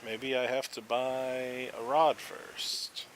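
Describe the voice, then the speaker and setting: A man's voice: mid-range voice, slow, slight background noise, poor audio. A man hosting a gaming video, casually talking through what he does and explaining the game's mechanics as he goes. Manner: relaxed, chatty, explains game mechanics as he plays. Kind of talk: casual gameplay commentary.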